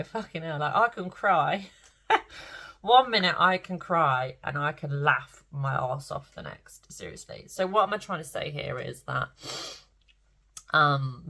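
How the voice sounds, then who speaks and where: A woman's voice: deep voice, pushed and bright. A middle-aged woman talking candidly to camera in a rambling way, emotional and close to tears, swearing freely. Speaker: spiritual vlogger. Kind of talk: casual talk to camera.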